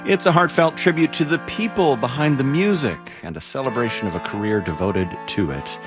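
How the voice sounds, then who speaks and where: Male radio host, scripted intro, animated low voice over a clear music bed. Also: fairly quick. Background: classical music.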